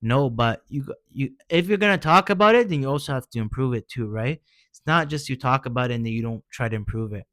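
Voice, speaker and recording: A man's voice: mid-range voice, expressive, fast talker, a bit bright, no echo, studio quality. Earnest man giving casual pep talk. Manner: informal, peppers speech with "man" and "bro"; earnest, encouraging. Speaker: vlogger sharing personal experience. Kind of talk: casual heartfelt advice talk.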